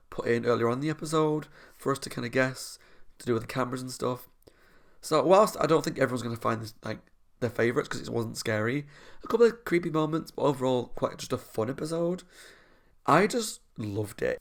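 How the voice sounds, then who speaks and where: A man's voice: medium pitch, gravelly. A young man, chatting enthusiastically and a little ramblingly as he ranks episodes. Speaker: YouTube reviewer. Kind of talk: casual chat.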